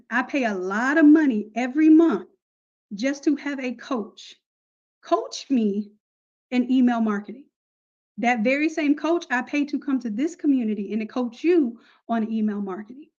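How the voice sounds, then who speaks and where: A woman with a high voice leads a live online class in a loose, chatty way, full of slang and direct asides to her students. Her tone stays upbeat and informal. The audio sounds a little muffled and lo-fi. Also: normal speed, darkish tone. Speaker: online course instructor. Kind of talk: casual live class talk.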